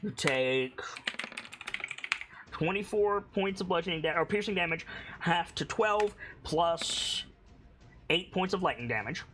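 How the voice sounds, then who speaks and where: A man running a tabletop game as game master, talking in halting bursts with many restarts. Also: high-pitched, animated, noisy background.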